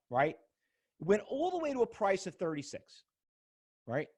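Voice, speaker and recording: Middle-aged male trading instructor, live seminar, emphatic and excitable, high and lively delivery. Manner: excitable and emphatic, repeats words, acts out arguments. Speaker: trading instructor presenting at an expo. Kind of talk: animated live seminar talk to an audience.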